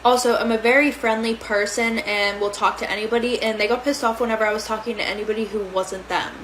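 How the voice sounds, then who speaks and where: A woman's voice: fairly high pitch, fairly even intonation, fast, fairly bright tone, slight background noise. Woman telling a story in an echoey room.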